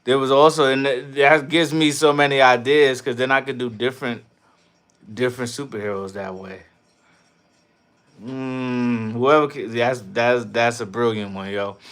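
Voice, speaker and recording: A man hosting a casual livestream, reading chat and riffing loudly with profane jokes, from New York. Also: mid-range voice, fairly even intonation, unhurried, clean tone. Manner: loud, profane, laughing riffs.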